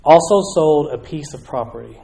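A man with a Southern US accent preaching a sermon in a conversational, animated way. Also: on the high side, moderate pace, vocal fry, roomy sound. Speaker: pastor.

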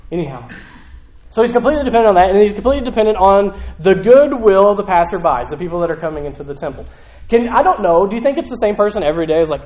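A man's voice: fairly high pitch, quick pace, rough recording. A man preaching a casual sermon, conversational, acting out little voices as he tells the story.

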